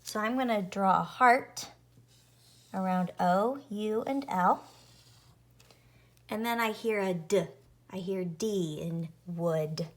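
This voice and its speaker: Slow careful lady teacher spelling words out for little kids, sounds every letter. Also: mid-range voice. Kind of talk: phonics lesson for young children.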